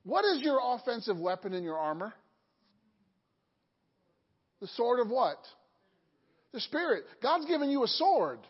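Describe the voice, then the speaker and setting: A woman preaching in a high voice with an unhurried, drawn-out delivery. She keeps quizzing the congregation and slipping in jokes. The recording sounds dull and lo-fi, with a long reverb from the hall. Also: big pitch swings, breathy edge. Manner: asks the congregation questions, joking asides. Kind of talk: sermon.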